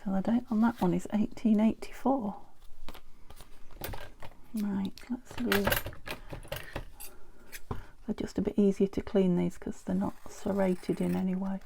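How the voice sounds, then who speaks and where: A woman's voice: mid-range voice, flat delivery, measured pace, gravelly, pauses often, warm tone, slight background noise. A British woman from the UK chatting casually while making a craft project, often dropping into a half-whispered mutter to herself. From United Kingdom. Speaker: junk journal crafter. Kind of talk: casual craft vlog chat.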